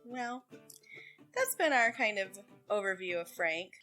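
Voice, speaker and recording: A woman with a Texan accent co-hosting an art podcast in casual, animated chat, laughing often and talking fast when excited. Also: mid-range voice, faint music behind. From Texas, USA. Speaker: podcast co-host.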